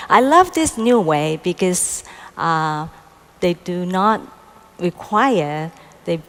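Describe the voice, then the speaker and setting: A woman answering an interview question slowly and carefully, often adding you know. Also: on the low side, in a large hall. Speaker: guest team leader.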